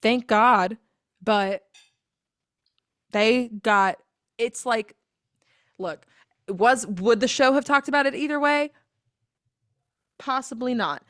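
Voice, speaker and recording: A woman's voice: fairly high pitch, takes it slowly, long pauses, a bit bright, no room sound, studio quality. A young woman co-hosting a podcast in casual chat, blunt and dramatic, swearing freely. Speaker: podcast co-host.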